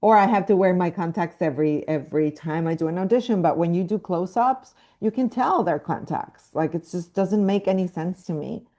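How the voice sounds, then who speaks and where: A woman's voice: fairly low pitch, brisk, hardly any pauses, warm tone. A young woman from Mexico with a light Mexican accent, a guest actress talking reflectively in an interview, with frequent fillers and restarts. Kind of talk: casual interview talk.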